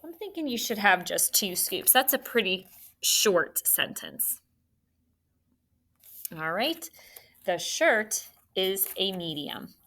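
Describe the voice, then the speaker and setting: Slow, bright-voiced woman teaching phonics. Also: medium pitch, big pitch swings. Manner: slow, patient, encouraging, sounding out letters. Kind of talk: phonics lesson for young children. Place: classroom.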